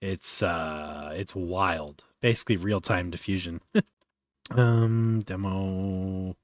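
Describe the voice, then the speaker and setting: A man hosting a casual live-stream software tutorial, thinking aloud with lots of fillers and restarts, yawning often. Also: deep voice, takes it slowly, no room sound, clean studio sound.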